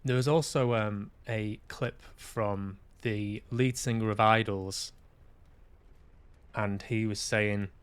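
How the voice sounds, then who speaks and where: A man's voice: fairly low pitch, fairly even intonation, slow pace, smooth. A man hosting a podcast, talking candidly in a casual, reflective monologue, self-deprecating and swearing now and then. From Manchester, UK. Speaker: podcast host and actor.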